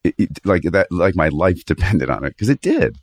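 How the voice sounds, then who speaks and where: A man's voice: deep voice, sing-song, moderate pace, no room sound, studio quality. A man in his forties, a guest actor, chatting casually on a podcast, rambling and cutting himself off mid-thought, swearing freely.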